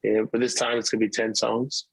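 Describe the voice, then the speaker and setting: A man's voice: on the low side, level tone, brisk, creaky, breathy edge, no echo, poor audio. Rambling man, dry close sound. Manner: rambling, with many restarts and stumbles. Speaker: musician guest. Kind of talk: casual interview chat.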